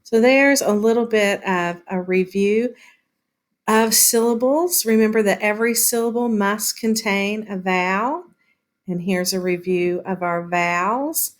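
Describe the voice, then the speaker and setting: A woman's voice: mid-range voice, measured pace. A woman teacher explaining a lesson carefully, repeating and demonstrating words.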